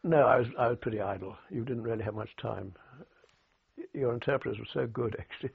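Older man with gravelly, husky voice. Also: medium pitch. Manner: anecdotal, halting restarts, dry humour. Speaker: war veteran interviewee. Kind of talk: oral history interview, recollection. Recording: tinny phone-like archive recording.

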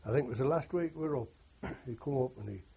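A man's voice: medium pitch, fast talker, creaky, mellow, slightly rough. An older man, a war veteran telling rambling oral history anecdotes and quoting others with "he says". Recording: dull lo-fi recording.

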